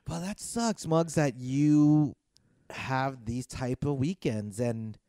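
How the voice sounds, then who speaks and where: A man's voice: medium pitch, slow pace, dark tone, dry recording, clean studio sound. A man hosting a casual podcast, joking easily and hesitating when the talk turns serious. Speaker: podcast host.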